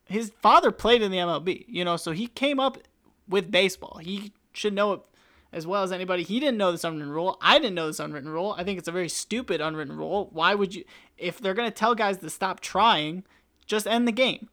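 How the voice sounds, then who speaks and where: Bright, smooth-voiced podcast host. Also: male voice, sits high, fast. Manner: chatty, opinionated, self-deprecating. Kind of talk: casual chat.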